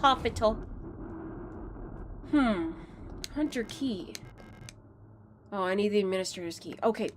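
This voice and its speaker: A woman's voice: medium pitch, lively intonation, a little slow, pauses often, a little hiss or hum. A young woman streaming a game, chatting casually and rambling with playful asides. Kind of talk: casual gaming stream chat.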